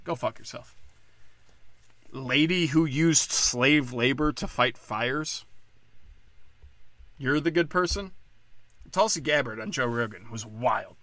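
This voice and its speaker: A man delivering a profane, sarcastic political rant, swinging between loud outbursts and low muttering. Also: normal speed, no echo. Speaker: political commentator.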